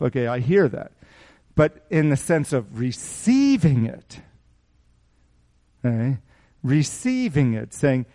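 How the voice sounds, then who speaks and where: A man preaching to a small church congregation in a slightly higher voice. He talks casually, firing rhetorical questions at the room. He raises his voice when he reads scripture aloud. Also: animated, a little slow, warm tone. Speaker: pastor. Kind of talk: sermon.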